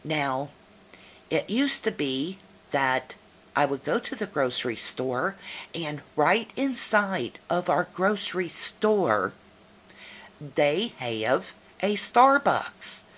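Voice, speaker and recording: A woman's voice: deep voice, very animated, slow pace, fairly bright tone. A middle-aged woman with a Southern US accent, chatting casually and telling folksy stories to a viewer in a video message. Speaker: vlogger.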